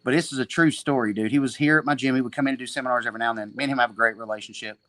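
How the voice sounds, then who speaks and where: A man's voice: mid-range voice, fairly even intonation, racing, a bit bright, no room sound. A man in his forties, a jiu-jitsu gym owner guesting on a podcast, telling stories in a profane, rambling, self-mocking way. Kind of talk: casual storytelling.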